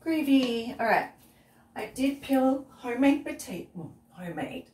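A woman's voice: high-pitched, a little slow, a little mellow. A woman, unwell with a cough, chatting in a rambling way while cooking for her vlog. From Australia. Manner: chatty, rambling, often trails off into asides. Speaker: vlogger. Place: outdoors on a windy day. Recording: roomy, far from the mic, faint background noise.

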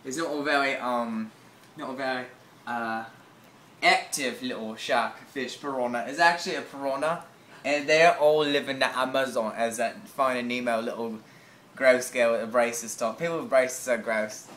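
A man's voice: medium pitch, normal speed, fairly bright tone, echoey room, slight background noise. A man rambling through an improvised comedy bit in a goofy, mock-serious way, full of hesitant fillers. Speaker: comedy video host.

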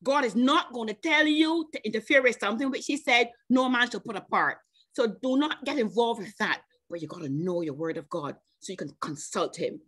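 A woman serving as guest preacher delivers a sermon at church, chatting personally with named congregation members and drawing out slow scripture quotes between bursts of emphasis. Her voice is husky, fairly high, and fairly bright.

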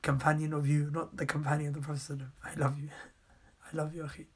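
A young man preaching on a live stream, pleading earnestly in a hushed, breathy voice as he reads viewers' comments aloud. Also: a little high, monotone, very fast. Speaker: Islamic preacher.

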